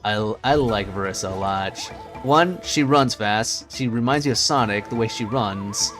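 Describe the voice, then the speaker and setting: A man's voice: on the low side, normal speed, over music. Chatty man streaming a game. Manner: chatty, muttering to himself while searching menus. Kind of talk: casual gameplay chat.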